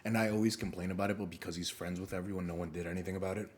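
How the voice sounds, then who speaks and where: A man's voice: sits low, fairly even intonation, racing. A young man co-hosting a podcast, telling stories in casual chat, swearing freely and laughing often. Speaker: podcast co-host.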